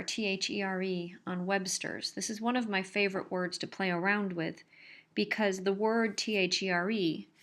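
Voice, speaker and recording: A woman's voice: medium pitch, a bit bright. A woman teaching a college grammar lesson, explaining carefully and stressing example sentences. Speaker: college English instructor. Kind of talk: recorded grammar lecture.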